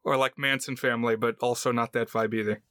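Male podcast co-host, bright and crisp voice, dry close sound, relaxed delivery. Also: medium pitch, fast, no room sound. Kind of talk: casual film chat.

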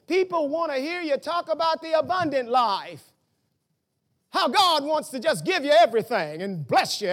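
Pastor guy preaching, really high voice, swings up n down, shouts sometimes. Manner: animated preaching, rhetorical questions, bursts of shouting. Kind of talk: sermon.

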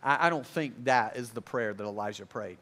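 A man's voice: fairly low pitch, a little fast, bright, forceful tone. A pastor preaching a sermon to a congregation at a church service, earnest and repetitive, building emphasis as he goes.

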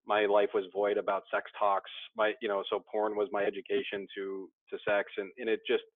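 A man's voice: lowish voice, monotone, brisk, no echo. A man sharing his story candidly in a recovery support meeting, often restarting his sentences. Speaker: support group member. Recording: dry tinny phone-like sound.

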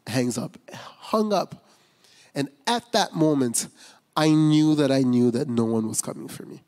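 A man's voice: mid-range voice, a little slow, darkish tone. A man preaching a personal testimony as pastor, speaking candidly and conversationally with many fillers and restarts. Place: church sanctuary. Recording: long reverb of a large hall.

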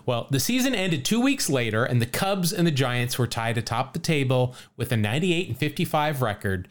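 A man hosting a podcast, telling a story in casual chat, animated and laughing often as he reads out quotes. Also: medium pitch. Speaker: podcast host.

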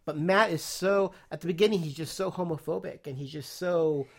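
Podcast co-host, casual chat, rambling retelling, middle pitch. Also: fairly quick, gravelly. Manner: recounts scenes at length, many fillers. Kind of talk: casual chat about a TV show.

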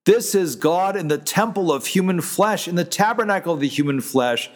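A pastor preaching a sermon in an easy, conversational way, often restarting his sentences as he explains scripture. His voice sits a little high for a man, and it carries a long reverb from the church hall around him. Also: animated, moderate pace, hardly any pauses.

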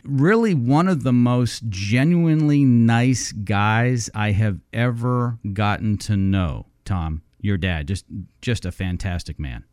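A man's voice: lowish voice, slow, a little mellow, dry recording, studio quality. A man hosting an interview podcast, chatting with enthusiasm and laughing easily as he introduces his guest. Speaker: podcast host. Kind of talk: interview chat.

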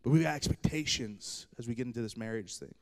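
A man's voice: medium pitch, quick pace. A man in his thirties preaching a humorous sermon, telling stories from his own marriage with self-deprecating jokes. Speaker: pastor.

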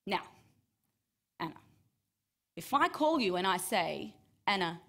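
A woman, teaching a Bible story to children in a chatty way, asking listeners by name and dropping to a hush for emphasis. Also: medium pitch, takes it slowly. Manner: lively, chatty, asks listeners by name, drops to hushed tones for emphasis.

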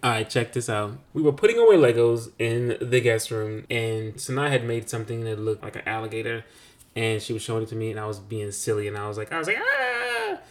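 A man's voice: lowish voice, fast. A man in his thirties co-hosting a casual podcast, telling family stories with a lot of laughter and acted-out voices. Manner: animated storyteller, laughs often, acts out family moments. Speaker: podcast co-host. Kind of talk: casual chat.

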